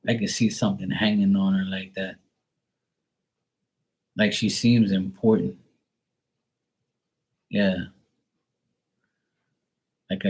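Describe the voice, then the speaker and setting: Deep-voiced man rambling through a psychic reading. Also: darkish tone. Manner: rambling, hesitant, filler-heavy with mild profanity. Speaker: psychic tarot reader.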